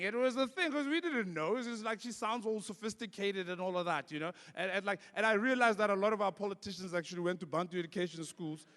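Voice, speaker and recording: Young south african man, a comedian on stage, fairly high voice, long hall echo. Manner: animated storytelling that acts out voices. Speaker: stand-up comedian. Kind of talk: stand-up comedy. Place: large conference hall.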